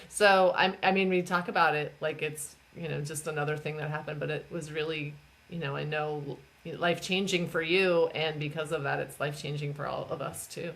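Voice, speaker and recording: Woman client on a podcast panel; casual and appreciative, slightly low voice. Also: fairly bright tone. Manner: casual, grateful, filler-heavy talk.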